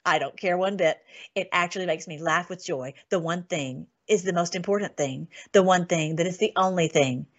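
A woman hosting an online show, talking casually and excitedly, reading scripture aloud and laughing often. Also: fairly low pitch, moderate pace. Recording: dull lo-fi sound.

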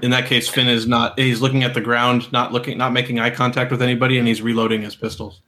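A man plays a tabletop role-playing game, describing his character's moves in short, terse statements. His voice is flat and bright. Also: medium pitch, quick pace. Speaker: player.

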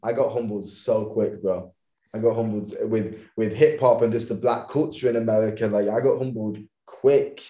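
A man in his thirties from England, a professional dancer chatting as a podcast guest, relaxed and quick to laugh. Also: on the low side. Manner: laughs often, relaxed and easygoing. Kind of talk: casual interview chat. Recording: echoey room.

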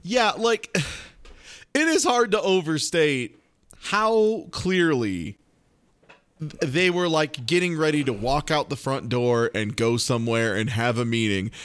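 A man's voice: on the high side, slow pace, smooth. A man from Chicago co-hosting a podcast, chatting casually and animatedly as he recaps a show, swearing and acting out scenes. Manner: animated, swearing, acts out lines in jokey voices. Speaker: podcast co-host.

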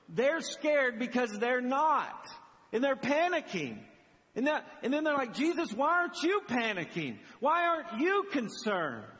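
Pastor, middle-aged man, animated storyteller; husky tone, long church reverb. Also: sits high. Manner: animated storytelling, acts out dialogue. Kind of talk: sermon.

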